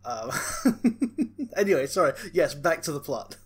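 A man's voice: a little high, very animated, measured pace, breathy edge. A man co-hosting a casual podcast, chiming in with dry corrections and precise details. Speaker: podcast co-host. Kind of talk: casual chat.

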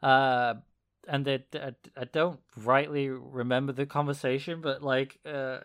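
A man's voice: medium pitch, little pitch movement, unhurried, fairly bright tone. A man casually recapping a video on a podcast, rambling with fillers and laughing often. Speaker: podcast co-host. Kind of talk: casual chat.

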